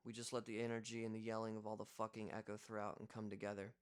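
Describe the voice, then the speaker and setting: A man's voice: lowish voice, completely flat delivery, quick pace, clean tone. A young man reading a first-person audiobook in a casual, conversational way. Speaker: audiobook reader.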